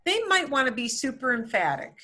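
A woman's voice: high voice, big pitch swings, a little fast, sharp tone. A woman teaching a beginner Spanish class, explaining patiently with playful comparisons.

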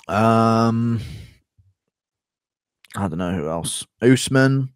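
A man's voice: mid-range voice, moderate pace, dry recording, clean studio sound. A man streaming, reading donations and chatting with sarcastic, casually profane remarks. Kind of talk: casual livestream chat.

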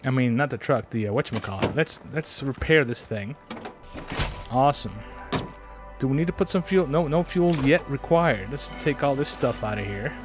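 A man's voice: medium pitch, lively intonation, normal speed. A man hosting a gaming channel, giving casual commentary as he plays and talking himself through each step, often repeating his words. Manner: talks to himself while playing, repeats phrases. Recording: game music and engine sounds behind. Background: game music and vehicle sounds.

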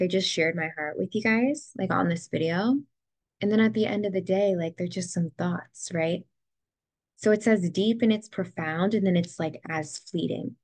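Slow, gravelly-voiced young woman vlogging. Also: lowish voice, no echo. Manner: slow, soft and heartfelt, close to tears. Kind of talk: reflective personal vlog. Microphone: ring light setup, camera close to face.

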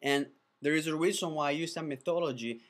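A man who is not a native English speaker, pitching his video course in an enthusiastic, chatty way, often restarting his words. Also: fast. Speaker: animated video producer teaching a course. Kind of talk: casual course pitch to camera.

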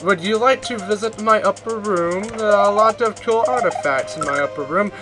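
Man playing a scheming male turtle villain, sly, fake-friendly, slightly raised pitch, game voice. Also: normal speed, music in the background, natural voice.

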